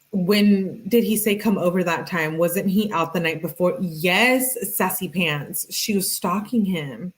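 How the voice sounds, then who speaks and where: A woman true crime streamer with a low-ish voice reads text messages a little slowly, with hardly any pauses. Along the way she adds sarcastic comments and thanks viewers in chat.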